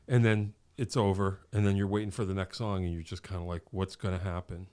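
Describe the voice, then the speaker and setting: A middle-aged man hosting a podcast, chatting casually and telling lively stories that act out his own reactions. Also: lowish voice, brisk, hardly any pauses. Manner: animated storyteller, acts out his own reactions. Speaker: podcast host. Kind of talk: casual chat.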